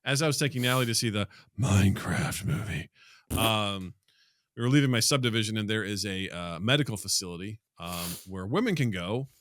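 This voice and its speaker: A man co-hosting a podcast, telling stories in a dry, deadpan way with plenty of swearing. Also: on the low side, brisk, dry recording. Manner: dry, deadpan storyteller with lots of profanity. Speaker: podcast co-host. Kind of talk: casual chat.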